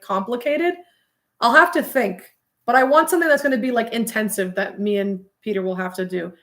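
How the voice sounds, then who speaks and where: A young woman chatting casually on a livestream, rambling with lots of fillers and frequent laughter. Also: medium pitch. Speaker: streamer. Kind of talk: casual livestream chat with viewers.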